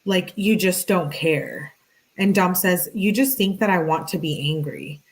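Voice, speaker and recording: A woman with a lowish voice reads text messages aloud for her true-crime commentary. She breaks in with blunt, exasperated, conversational asides. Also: measured pace, poor audio.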